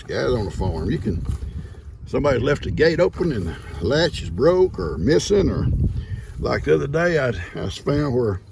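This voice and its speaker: A man's voice: medium pitch, gravelly, background noise. An older man, a farmer and host, chatting folksily and chuckling often as he narrates his work outdoors by a creek. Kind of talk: casual vlog narration while working.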